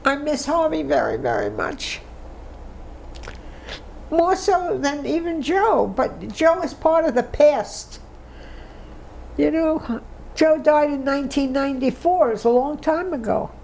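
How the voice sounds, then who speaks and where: Tearful high-voiced woman in her nineties. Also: animated, measured pace, gravelly, mellow, slight background noise, poor audio. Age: 90s. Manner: emotional, tearful at times, rambling with restarts. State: crying. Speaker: oral history interviewee. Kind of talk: reflective oral history interview.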